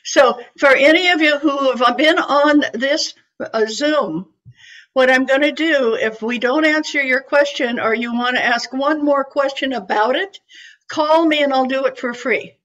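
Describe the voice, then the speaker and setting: Woman in her eighties, chatty psychic reader, fairly high voice, video call, dull muffled sound. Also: a little slow, fairly bright tone. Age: 80s. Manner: chatty, reassuring, frequent fillers. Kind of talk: casual psychic reading over video call.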